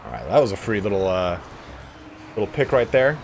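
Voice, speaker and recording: A man's voice: lowish voice, big pitch swings, fairly quick, a little hiss or hum. A man hosting a gaming video, giving loose, rambling let's-play commentary, swearing freely and chuckling often. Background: faint game music.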